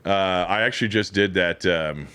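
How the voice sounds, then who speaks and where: A man's voice: deep voice, moderate pace, bright, forceful tone, smooth. A man appearing as a guest on a podcast, talking in a laid-back way and tossing in wry, dry asides. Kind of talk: casual podcast banter.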